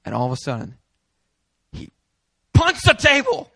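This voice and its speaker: A man preaching a sermon as a pastor, telling a story in an animated way, acting out the people he quotes and laughing as he goes. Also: very high voice, a little slow, vocal fry, slightly rough. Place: church hall.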